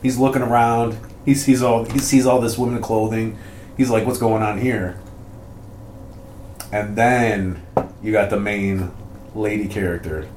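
Relaxed male co-host in an echoey room. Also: lowish voice, unhurried, long pauses, slight background noise. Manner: relaxed, agreeable, laughs along. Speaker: podcast co-host. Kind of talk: casual film-review chat.

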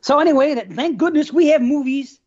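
A man's voice: very high-pitched, fairly quick, darkish tone. A man co-hosting a podcast, ranting in a profane, casual way with many restarts. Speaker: podcast host. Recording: dull lo-fi sound.

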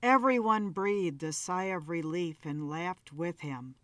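A woman narrating a story in a measured, dramatic reading. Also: on the low side, lively intonation, fairly bright tone, dry recording.

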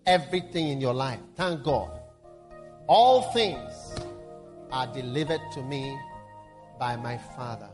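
A man preaching a sermon, moving between loud emphatic calls and hushed prayer. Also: medium pitch.

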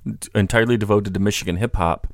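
A man's voice: on the low side, quick pace, no echo, clean studio sound. A man in casual podcast conversation, talking in a rambling way with many restarts and "you know" fillers.

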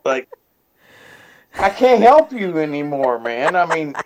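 A man's voice: a little high, sing-song, slow pace. A man hosting a podcast in casual chat, tipsy and ranting in an exasperated, profane way. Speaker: podcast host. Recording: noisy home recording.

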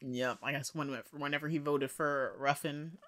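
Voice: mid-range voice, fairly even intonation, moderate pace, a bit bright. A co-host in casual chat about a TV show, laid-back and slangy, often quoting characters. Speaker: podcast co-host recapping a TV show.

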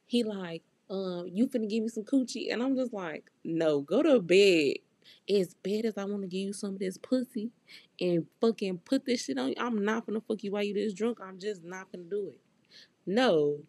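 In a casual storytelling monologue, a young woman hosting a podcast recounts events frankly and profanely, performing the dialogue she quotes. Her medium-pitched voice moves at a normal pace, carries vocal fry and a slightly mellow quality, and has no echo.

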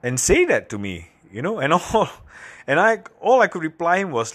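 A man's voice: on the low side, animated, fairly bright tone. Candid man telling stories. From Singapore. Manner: candid, halting, self-deprecating storytelling. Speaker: podcast host. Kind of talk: casual personal monologue.

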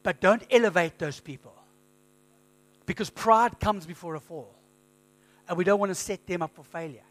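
High-voiced pastor preaching conversationally. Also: male voice, moderate pace, pauses often. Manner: conversational storytelling, animated quoting. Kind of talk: sermon.

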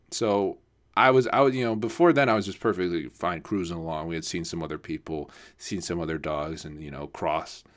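A young man telling a casual story, rambling and swearing with lots of fillers and restarts. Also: deep voice.

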